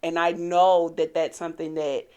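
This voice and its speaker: A woman talks in a casual podcast chat, blunt and full of profanity. Her voice sits a little low, and her stories come out animated. She is frank and holds nothing back. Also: moderate pace, smooth. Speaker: podcast co-host.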